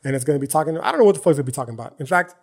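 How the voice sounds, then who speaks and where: On his solo podcast, a man speaks rapid-fire with lively intonation and a fairly high pitch. The talk is casual, profane and full of slang and emphasis, with frequent "right?" and "okay?" tags.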